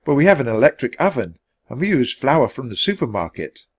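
A man's voice: mid-range voice, very animated, brisk. A man reading a storybook aloud, voicing a curious, bookish young boy who explains things matter-of-factly. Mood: explaining.

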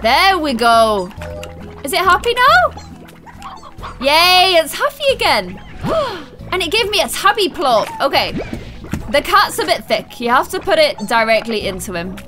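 A woman hosting a let's play video, chatting excitedly to viewers and gasping and squealing at the game. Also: high-pitched, normal speed, music in the background. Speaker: gaming video host.

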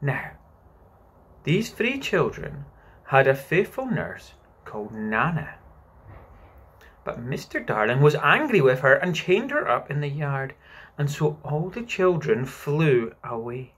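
A man's voice: on the high side, big pitch swings, takes it slowly, husky, exaggerated voice. A man voicing a motherly young girl telling a bedtime story, coaxing and patient, sighing at interruptions. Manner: gently coaxing, sighs at interruptions.

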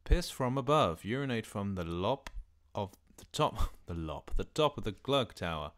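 A man's voice: fairly low pitch, big pitch swings, normal speed, a bit bright. A middle-aged man with a sweary, joking way of talking to himself as he comments on a game he is playing. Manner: sweary, jokey, talks to himself. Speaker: let's play host. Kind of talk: casual gameplay commentary. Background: background game music.

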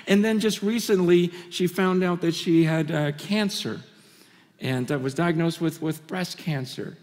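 A man's voice: a little high, a little slow. Impassioned male preacher in a reverberant hall. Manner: impassioned, swinging between loud and hushed; frequent stammered restarts. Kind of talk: conference sermon. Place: conference hall. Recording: long reverb of a large hall.

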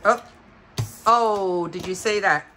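Slow-talking excitable woman. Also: mid-range voice, noisy background. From Australia. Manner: excitable, exclaiming and chatty. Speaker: craft vlogger. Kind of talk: casual unboxing chat.

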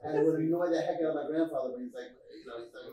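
A man in the audience of a Talmud class telling a halting anecdote while speaking over the host, picked up off-mic. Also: on the high side, crowd noise. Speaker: class participant. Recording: off-mic in an echoey room.

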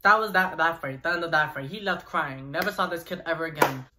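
A young man vlogger telling a personal story in an animated, chatty way with asides to viewers. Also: on the high side, brisk, noisy background. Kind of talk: storytime vlog.

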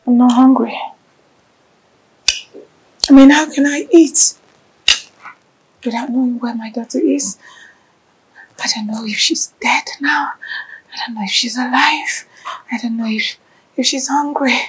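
An actress with a Nigerian accent playing a grief-stricken mother of a missing daughter, speaking in a tearful, halting, whispery way. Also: high voice, steady tone, a little mellow, poor audio. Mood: anguished. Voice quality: breathy, whispery. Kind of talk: film drama acting.

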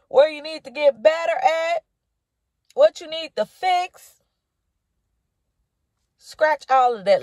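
A woman's voice: high voice, no echo. A woman minister preaching to camera with impassioned, rhythmic repetition, calling the listener honey and baby. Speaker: minister giving a prophetic word.

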